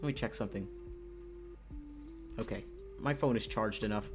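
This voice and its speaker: A streamer chatting casually and excitably during a live stream, bursting into loud exclamations and swearing. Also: mid-range voice, normal speed, music in the background.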